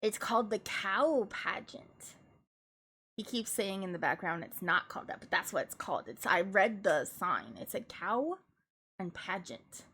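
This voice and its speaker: A woman's voice: mid-range voice, lively intonation, unhurried, fairly bright tone, slightly rough. A woman VTuber chatting casually with her live-stream viewers, giggly and drawn out.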